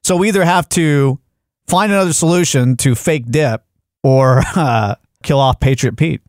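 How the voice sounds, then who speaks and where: A man's voice: on the high side, normal speed, no room sound, studio quality. A man hosting a comedy podcast, telling a rambling story in casual chat with many restarts. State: groggy, a little delirious.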